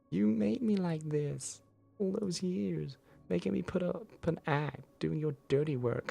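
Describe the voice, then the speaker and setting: A man's voice: lowish voice, gravelly, slightly rough, voice pushed up, full character voice. A man voicing a volatile young woman who shrilly pleads and then accuses, reading a visual novel game aloud.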